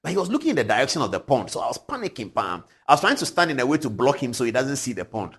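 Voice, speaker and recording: A man in his forties with a Ghanaian English accent, hosting a TV show, telling stories with animated energy and frequent chuckles. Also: medium pitch, very fast, breathy edge. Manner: animated, chuckling, swings from loud to hushed. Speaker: TV show host. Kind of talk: lively commentary and storytelling. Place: TV studio.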